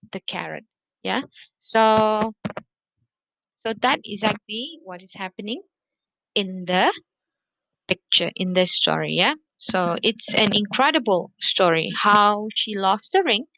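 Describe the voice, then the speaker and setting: A woman's voice: mid-range voice, a bit bright, no room sound. A woman lecturer, giving a recorded class in a chatty way, often checking in with "yeah?" and "okay". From Malaysia. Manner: chatty, repeats herself, many checking tags like "yeah?" and "okay". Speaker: university lecturer. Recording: dull lo-fi dry audio.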